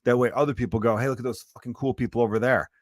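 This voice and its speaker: A man's voice: mid-range voice, steady tone, very fast, darkish tone, no echo, clean studio sound, close to an everyday voice. A man mimicking an eager advertiser who schemes about reaching a cool audience. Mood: eager scheming. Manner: eager, scheming, sales-minded.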